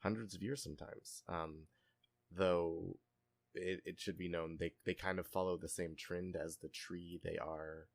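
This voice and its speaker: A man's voice: low voice, fairly even intonation, measured pace, no echo. Daisy, a nerdy lore-expert woman, voiced by a man. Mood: explaining.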